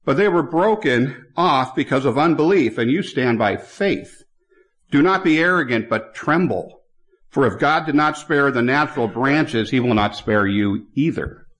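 A man's voice: medium pitch, expressive, unhurried, a bit bright. A man preaching a sermon in a church, reading scripture aloud and speaking to the congregation.

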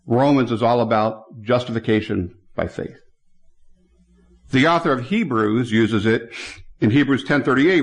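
A man preaching a sermon in a church, reading scripture aloud and speaking to the congregation. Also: mid-range voice.

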